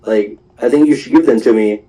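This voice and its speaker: A man's voice: mid-range voice, fairly quick, mellow, natural voice, low-quality recording. A man voicing a boastful, cowardly young male pirate sniper in a casual anime recap, bragging and trying to scare a child.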